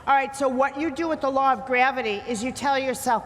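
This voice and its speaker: A woman's voice: sits high, fairly quick, slight background noise. A woman giving a blunt, emphatic talk to a live audience, teasing her listeners as she lectures. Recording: hall reverb with faint ambience.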